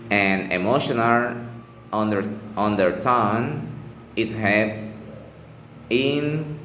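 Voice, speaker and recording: A man teaching an English lesson in a deliberate, pausing way, with fillers and restarts. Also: deep voice, fairly bright tone. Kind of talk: slow instructional explanation. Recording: echoey room with faint ambient noise.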